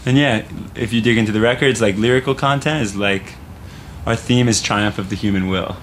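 A man's voice: lowish voice, brisk, slight background noise. A man being interviewed as his band's singer, talking hesitantly and drifting off. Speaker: band singer, guest. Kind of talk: casual interview chat.

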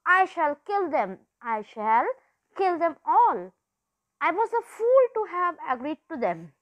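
A woman voicing a furious, foolish male lion king who shouts threats. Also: high-pitched, sing-song, moderate pace.

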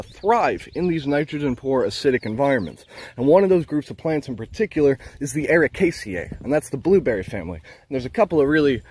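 A nature vlogger films a walking plant tour in a peat bog on his handheld camera, marveling aloud at the plants in an enthusiastic, rambling way. His voice sits on the high side with a darkish tone, and the audio carries a little hiss or hum.

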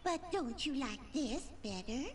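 Motherly storybook fairy, high and unhurried, over loud game music. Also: animated. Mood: doting. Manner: doting, calls everyone dears. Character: fussy motherly older fairy godmother.

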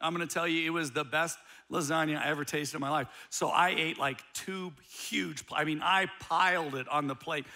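A middle-aged man preaching a sermon as a pastor, telling a story with animated humor. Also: a little high, moderate pace, few pauses.

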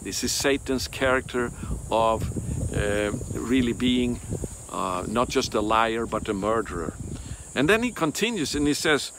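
A man giving a Bible teaching in a deliberate, emphatic way, pausing and hesitating often. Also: mid-range voice, expressive, a bit bright, slight background noise.

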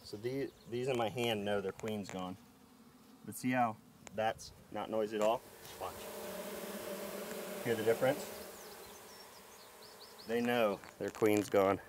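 A man vlogging outdoors as he works a beehive, talking to the camera in an excited, folksy way. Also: lowish voice, slow pace, pauses often, background noise. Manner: excited, folksy, talks to camera while handling hives. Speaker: beekeeper vlogger. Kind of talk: casual outdoor narration while working. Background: buzzing bees.

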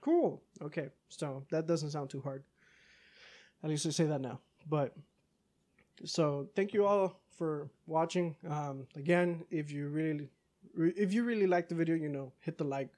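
A man giving casual let's-play commentary, talking back to the game's characters, cursing and breaking into yells. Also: fairly high pitch, normal speed. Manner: excitable, curses, talks back to game characters, yells in bursts. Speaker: gaming YouTuber.

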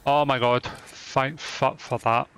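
A man's voice: medium pitch, fairly even intonation, slow pace, a bit bright, clean tone. A man giving angry, swearing commentary while playing a shooter game. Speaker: gamer. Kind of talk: gameplay commentary.

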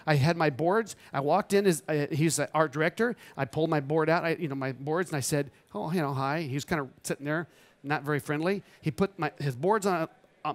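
A man in his fifties, a photographer giving an animated, motivational storytelling talk on a trade show stage. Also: fairly high pitch. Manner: animated, acts out quoted dialogue.

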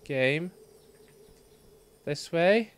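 A man's voice: on the high side, lively intonation, extremely slow, clear, resonant tone. Exasperated man swearing at a game. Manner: frustrated, swears a lot, exasperated outbursts. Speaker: let's play streamer. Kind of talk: live gameplay commentary.

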